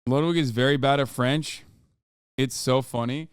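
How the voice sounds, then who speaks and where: A man's voice: mid-range voice, moderate pace, clear, resonant tone, no room sound, clean studio sound. A man in his thirties, a Turkish native speaker, giving sarcastic, profane reaction commentary on a livestream. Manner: sarcastic, profane, animated riffing. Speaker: streamer and political commentator.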